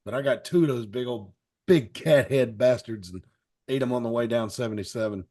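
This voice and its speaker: A man's voice: mid-range voice, brisk, darkish tone. A man hosting a wrestling panel show, talking in a rambling, wry, joking way. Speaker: podcast host. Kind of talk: casual chat.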